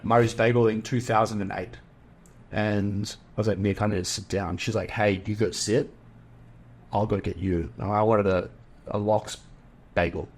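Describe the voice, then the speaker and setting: A middle-aged Australian man sits in as a podcast guest and tells a long story in a casual, animated way. His voice sits fairly low, and he slips into the voices of the people he quotes. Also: normal speed. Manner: animated, acts out quoted dialogue.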